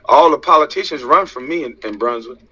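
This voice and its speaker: A man's voice: fairly high pitch, fairly quick, bright, forceful tone, slightly rough. An American man delivering a heated, profane rant to camera, preaching and firing rhetorical questions. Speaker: social media commentator. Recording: dull lo-fi sound.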